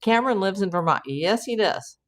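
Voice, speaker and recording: With a mid-range voice, animated and fairly quick, this middle-aged US woman hosts her private investigator livestream. She drifts through viewer comments casually, restarting often and leaning on fillers.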